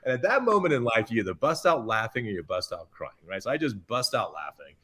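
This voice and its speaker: A middle-aged chef, a man, telling self-mocking anecdotes in a podcast interview, full of quick asides. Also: mid-range voice, sing-song, sharp tone. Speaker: chef guest.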